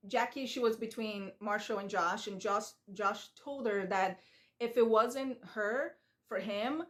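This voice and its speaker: Woman, reaction vlogger, casual opinionated recap, fairly high voice, chatty. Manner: chatty, opinionated, mimics people she talks about.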